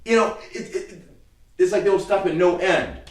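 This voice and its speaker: A man's voice: sits high, moderate pace. A middle-aged man hosting his own legal commentary, talking casually in a heated, rambling and profane way. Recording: roomy sound from a distant mic.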